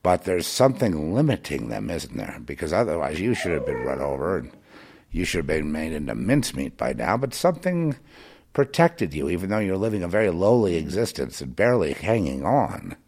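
A man delivering a rambling monologue straight to the listener, with many restarts, swinging between muttering and loud ranting. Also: low-pitched, very animated, a little fast, breathy edge. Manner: many restarts and repeated words.

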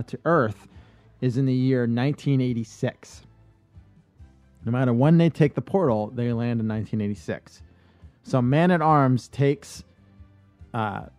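A man on a podcast casually pitching a movie idea, rambling with lots of fillers and restarts. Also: darkish tone, no room sound.

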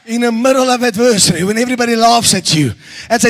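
A man preaching a sermon in an auditorium, shouting fervently, then dropping to a hush. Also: very high-pitched, fast. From South Africa. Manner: shouting, stirred-up preaching with sudden quiet drops.

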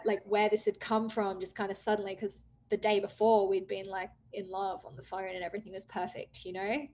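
A young woman, appearing as a guest, candidly tells a personal story in a chatty way, saying "like" often and acting out quoted dialogue with lively jumps in pitch.

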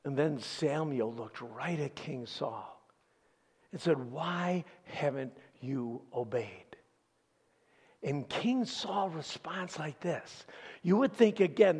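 A male pastor preaching in an animated storytelling style. His delivery is slow and full of pauses. His voice is gravelly and husky, and it rises and falls widely in pitch. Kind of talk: sermon.

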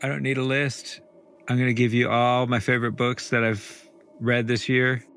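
Male podcast co-host with a gravelly voice, laid-back and chuckling. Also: mid-range voice, little pitch movement, normal speed, fairly bright tone, soft background music. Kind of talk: casual chat.

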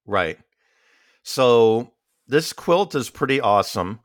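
A man's voice: medium pitch, animated, slow pace, dry recording, studio quality. A man co-hosting a podcast, chatting casually and rambling with many restarts and fillers. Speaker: podcast co-host. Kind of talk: casual chat.

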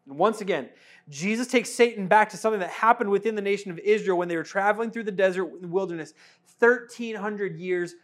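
Animated, high-voiced male preacher. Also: fast talker. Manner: conversational, animated, rhetorical questions. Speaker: pastor. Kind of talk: sermon.

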